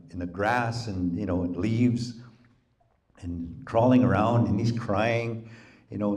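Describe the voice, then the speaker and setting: Low-voiced folksy male storyteller. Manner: folksy, relaxed, many "you know"s. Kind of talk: oral folk storytelling. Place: public library event.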